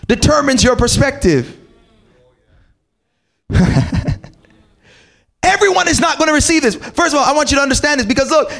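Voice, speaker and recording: A male pastor with an unusually high voice delivers an impassioned sermon. He leads call-and-response lines with the congregation and lifts into shouted, almost sung peaks between stretches of plainer teaching. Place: church hall with a congregation.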